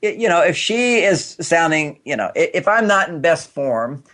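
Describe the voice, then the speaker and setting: An older man appears as a guest on a radio talk show, explaining relationships in a chatty manner full of restarts and fillers. His voice sits on the high side, a bit bright, with big swings in pitch at a normal speed.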